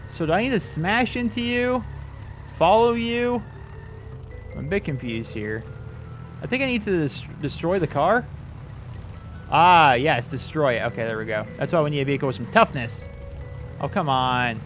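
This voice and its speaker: A man talks his way through a game in a loose, rambling commentary, his slightly high voice swinging up and down as he exclaims at near misses. He sits at a desk mic, with faint game music underneath. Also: lively intonation, normal speed, pauses often, fairly bright tone. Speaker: gaming channel host. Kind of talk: casual let's-play commentary.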